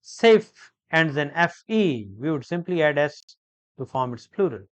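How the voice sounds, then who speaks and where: Slow, deliberate man teaching grammar. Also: fairly high pitch, expressive, no room sound. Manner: slow, deliberate, repetitive explanation with many hesitations.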